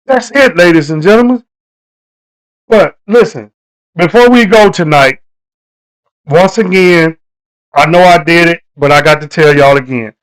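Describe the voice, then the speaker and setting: A man's voice: a little high, measured pace, pauses often, rough recording. A man hosting a casual live stream, talking to his viewers in a loose, repetitive, preachy way.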